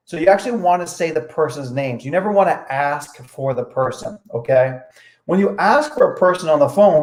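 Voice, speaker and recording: A young man with a fairly high voice coaches viewers on making sales calls, in a casual spoken lesson. He talks conversationally, doubles back on his words, and acts out the lines a caller might say. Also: a little mellow. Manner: conversational, repeats phrases, acts out sample phone calls. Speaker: real estate investing coach.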